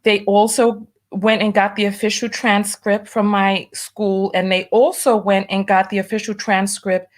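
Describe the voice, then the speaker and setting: A woman's voice: mid-range voice, level tone, a little slow, few pauses. A woman hosting a casual livestream, nervous and stalling, repeating herself as she reads viewer comments aloud. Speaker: livestream host.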